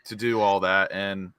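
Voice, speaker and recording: Bright-voiced earnest football fan. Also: male voice, deep voice, clear, resonant tone, no room sound. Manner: earnest, pushes his point, calls people "mate". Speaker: fan panelist. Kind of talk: casual post-match chat.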